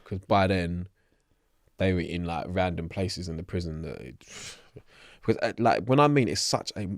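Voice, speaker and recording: A young man with a London accent, his voice sitting fairly low. He tells his story with animated energy, swearing freely and putting on the voices of others. The recording is dry and close. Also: moderate pace, no echo. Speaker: interview guest. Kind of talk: casual storytelling.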